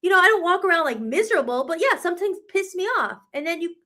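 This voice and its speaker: A woman's voice: very high voice, lively intonation, fast, pushed and bright. A woman co-hosting a live talk radio show, speaking with emphatic, sarcastic, profane frustration. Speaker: radio co-host. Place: radio studio.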